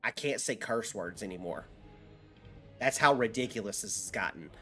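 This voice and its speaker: A man's voice: on the low side, animated, normal speed, a bit bright, soft background music. A man streaming a video game, chatting loosely with his viewers and swearing freely as he plays. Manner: loose and rambling, swears freely, talks back to chat. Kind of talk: casual live-stream chat while gaming.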